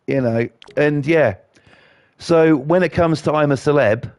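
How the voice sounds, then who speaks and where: A man's voice: fairly high pitch, darkish tone, no echo, studio quality. A man, ranting and swearing in a rambling way while he plays a video game. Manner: profane, rambling, indignant. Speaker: gaming YouTuber.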